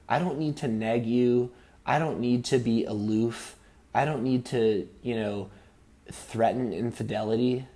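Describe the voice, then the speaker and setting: A man recounting his own experiences in a loose, confessional vlog. He rambles and circles back with constant "you know"s and "um"s, and drops casual swearing along the way. His voice sits at an ordinary middle pitch for a man. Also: warm tone. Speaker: vlogger. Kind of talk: personal storytelling to camera.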